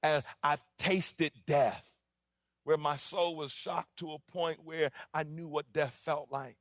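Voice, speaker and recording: A man in his forties, a pastor giving an impassioned sermon that builds from quiet reflection to shouted, repetitive declarations. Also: a little high, fairly even intonation, takes it slowly, dry recording, studio quality. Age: 40s. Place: church.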